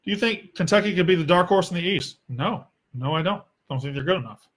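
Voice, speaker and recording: Young Southern man, a fairly high voice, blunt and sarcastic, casual Q&A host who swears freely. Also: lively intonation, brisk, a bit bright. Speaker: sports podcast host. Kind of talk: casual solo Q&A.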